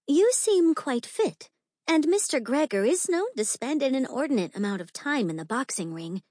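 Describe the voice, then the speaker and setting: A woman doing a high, coy young society lady. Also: very animated, normal speed, warm tone, no room sound, clean studio sound. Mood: coy teasing. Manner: coy, teasing.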